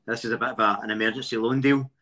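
A man with a bright, forceful voice of middle pitch chats as a podcast guest. He sounds upbeat and jokes easily as he talks. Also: fairly even intonation, rapid-fire. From Glasgow, Scotland. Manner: jokey and upbeat. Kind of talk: casual podcast chat.

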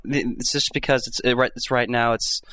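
A man's voice: medium pitch, level tone, brisk, sharp tone, clean tone, no room sound. A man co-hosting a podcast, chatting casually and often restarting his words. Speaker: podcast co-host.

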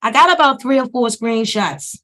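A woman hosting a podcast, giving blunt, profane commentary on a reality show, her voice climbing high and loud when she rants. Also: expressive, normal speed.

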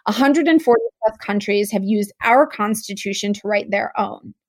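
A young woman from the United States, a guest speaking in an animated, outspoken way, with many "like"s in casual conversation. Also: medium pitch, normal speed, dry recording.

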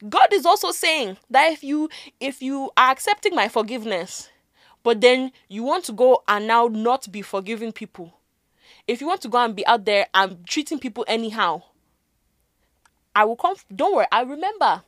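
Animated woman co-host, dry mic. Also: on the high side, normal speed, dry recording. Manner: playful, animated, drifts into soft asides. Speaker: podcast co-host. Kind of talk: casual faith discussion.

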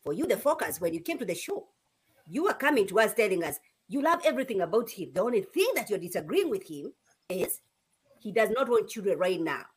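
A woman's voice: medium pitch, sing-song, fairly quick, breathy edge. A woman on a review panel recapping a dating show in casual chat, emphatic and repeating herself as she gets worked up.

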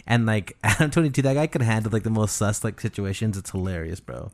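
Young male co-host, lowish voice, slangy and animated. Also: quick pace. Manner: slangy, animated, laughs a lot. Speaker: podcast co-host. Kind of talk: casual chat.

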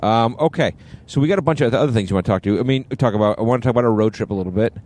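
A man's voice: mid-range voice, very fast, a little mellow, a little hiss or hum. A middle-aged man co-hosting a podcast, chatting casually and rambling with restarts while riding in a car on a road trip. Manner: rambling, self-interrupting. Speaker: podcast co-host. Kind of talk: casual chat.

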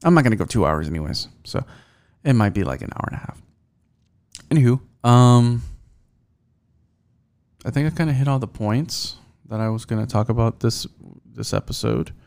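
A man's voice: mid-range voice, animated, normal speed, gravelly, long pauses, darkish tone. A young man hosting a solo podcast, rambling and swearing, with many fillers and restarts. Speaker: podcast host. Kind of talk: casual solo podcast rant.

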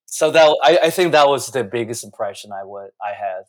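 A man's voice: medium pitch, animated, a little fast. A man, giving earnest, reflective interview answers with frequent restarts. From China.

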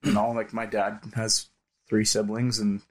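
A man's voice: on the low side, flat delivery, slight background noise. Laid-back male podcast co-host. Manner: affirming listener, quick quips, laughs along. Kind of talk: casual chat.

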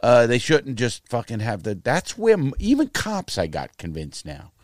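A medium-pitched American man in middle age speaks at a moderate pace, telling his life story casually and profanely and bringing its characters to life with animated voices. The recording is studio quality with no echo.

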